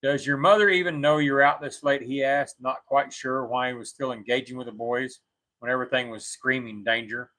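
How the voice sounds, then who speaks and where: Bright-voiced man reading a scary story. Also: mid-range voice, fairly even intonation, poor audio. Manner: reads steadily, pausing to correct his own slips. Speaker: co-host reading a story aloud. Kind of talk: reading a scary story aloud on a talk show.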